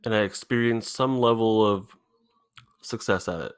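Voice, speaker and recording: A man hosting a solo podcast, thinking out loud in a halting, rambling way, swearing often, recorded in an indoor room. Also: fairly low pitch, clear, resonant tone. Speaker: podcast host.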